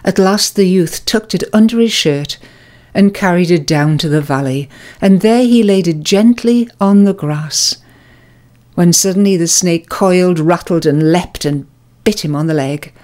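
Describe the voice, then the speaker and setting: A woman giving a scripted spiritual reflection, telling a story and drawing its lesson in a calm, measured way. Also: lowish voice. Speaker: devotional presenter.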